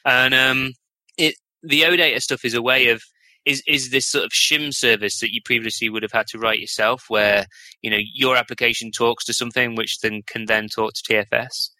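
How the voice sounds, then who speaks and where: A man's voice: medium pitch, fairly even intonation, normal speed, pushed and bright, dry recording. A man talking as a podcast guest in a casual, enthusiastic way, with lots of restarts and rambling. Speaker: guest developer.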